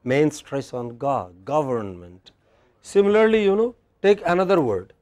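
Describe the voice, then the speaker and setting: A man's voice: sits high, very animated, normal speed, darkish tone. Indian man teaching spoken English. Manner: explains patiently, asks the class questions and models pronunciations. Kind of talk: classroom lecture. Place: university classroom.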